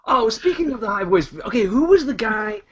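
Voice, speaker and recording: A man co-hosting a casual podcast, telling rambling, animated stories. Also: high voice, brisk, a loud crowd. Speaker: podcast co-host. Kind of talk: casual chat. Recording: dull lo-fi podcast audio.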